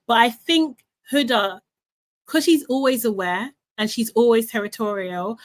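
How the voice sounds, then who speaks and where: Woman host, casual live debrief, animated, gossipy retelling, voice sits a little high. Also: measured pace. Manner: chatty, animated retelling with swearing. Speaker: reality show recap host.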